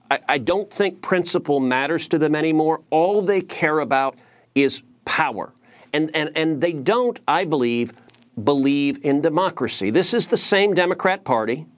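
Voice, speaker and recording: A middle-aged man, a senator as a TV news guest, speaking forcefully and indignantly, often repeating words as he starts a point. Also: a little high. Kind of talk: political TV interview.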